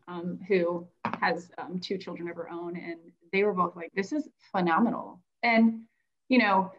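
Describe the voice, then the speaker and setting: A woman's voice: medium pitch, a bit bright, lo-fi sound. A woman author and teacher from Florida, telling her story animatedly in a livestreamed conversation, acting out quotes with many fillers. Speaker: children's book author and classroom teacher. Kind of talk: livestreamed book launch conversation.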